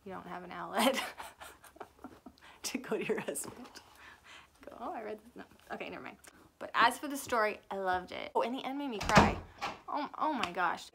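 Woman, book reviewer, casual rambling talk, gravelly edge, middle pitch. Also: animated, moderate pace, long pauses, heavy background noise. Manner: chatty, rambling, self-correcting.

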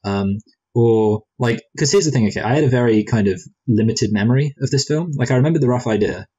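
A man's voice: medium pitch, quick pace, dark tone, slightly rough, highs cut off. A man co-hosting a film review chat, rambling and hesitant, with many restarts and playful speculative asides. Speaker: film review podcast co-host.

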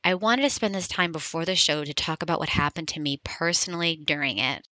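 Woman podcast host, low voice, crisp bright tone, dry close sound, candid and reflective. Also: a little fast, dry recording, rough recording. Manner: candid, personal, with frequent fillers. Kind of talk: reflective podcast intro monologue.

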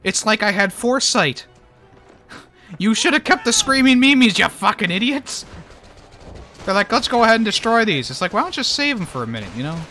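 Male streamer, bright voice, bouncy up-and-down delivery, jokey, laughs a lot. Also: high-pitched, very animated, normal speed, pauses often, a little hiss or hum. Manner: joking, laughs often, swears. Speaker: streamer playing a war game. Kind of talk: casual gameplay commentary.

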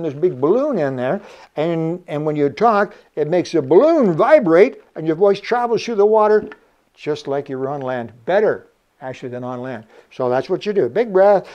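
A man's voice: high-pitched, expressive, normal speed, dull audio. An older man from Canada hosting a casual show-and-tell about vintage diving gear, chatty and joking. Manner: chatty, jokey, laughs often. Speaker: vintage scuba show host.

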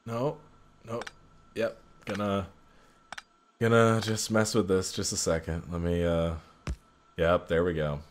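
A man's voice: sits low, flat delivery, unhurried, pauses often, a little hiss or hum. A young man casually commentating his own gameplay, frustrated and muttering at himself about his mistakes. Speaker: gaming channel host. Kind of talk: casual let's play commentary.

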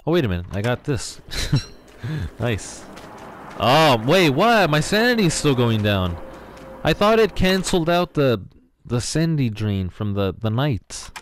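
A man giving casual, excitable let's-play commentary, talking to his viewers with frequent exclamations. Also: medium pitch, measured pace, a little hiss or hum. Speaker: gaming YouTuber.

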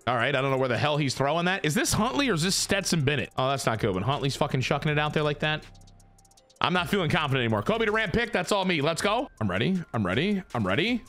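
A young man giving casual, excitable gameplay commentary, swearing and mocking himself as he plays. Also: fairly high pitch, quick pace, faint music behind. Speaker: gaming YouTuber.

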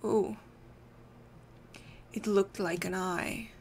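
A woman voicing a tormented gentleman haunted by a dark vision, reading his game dialogue aloud in a put-on, slightly odd accent. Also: mid-range voice, steady tone, drawn-out words, slight background noise. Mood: haunted, solemn. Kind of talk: let's play dialogue reading.

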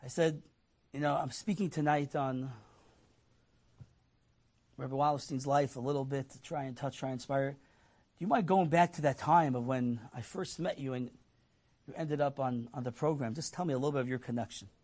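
A man's voice: mid-range voice, moderate pace, long pauses. A man telling an inspirational story to an audience, animatedly acting out the people he quotes. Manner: animated, acts out quoted voices, laughs. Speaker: storyteller speaker.

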